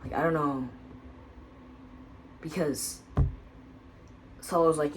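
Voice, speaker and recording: Low-voiced woman rambling through a recap. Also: normal speed, slight background noise, poor audio. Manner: rambling and excitable, with quiet muttered asides. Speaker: wrestling recap vlogger. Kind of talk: casual wrestling episode recap.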